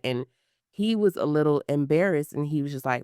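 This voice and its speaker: A woman's voice: deep voice, moderate pace, smooth, no echo, studio quality. A woman in her thirties, a guest in an interview, telling a personal story with lots of fillers and acted-out quotes. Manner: animated storytelling, acts out quotes, many fillers. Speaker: guest, pre-surgery patient.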